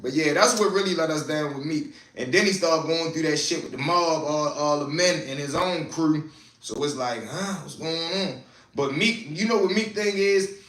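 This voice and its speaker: A man's voice: a little high, moderate pace, fairly bright tone. A man with a Baltimore accent hosting a casual, profane commentary stream in laid-back slang. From West Baltimore. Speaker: channel host. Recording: roomy echo, distant mic.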